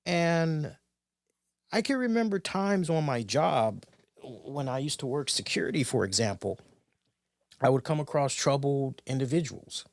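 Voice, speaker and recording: A man's voice: medium pitch, animated, unhurried, no echo. A man co-hosting a casual talk show, rambling through stories with lots of restarts and "you know"s. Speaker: co-host. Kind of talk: casual podcast chat.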